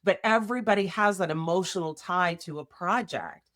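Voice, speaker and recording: Chatty woman podcast host, lowish voice. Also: moderate pace, a bit bright. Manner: conversational, tags points with "right?". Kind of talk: casual podcast explanation with workplace examples.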